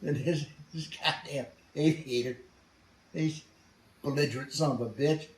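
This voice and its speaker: A man's voice: on the high side, steady tone, measured pace, far from the mic. Older man, blunt salty storyteller, recorded from off mic in a roomy space. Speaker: veteran interviewee. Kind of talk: storytelling interview.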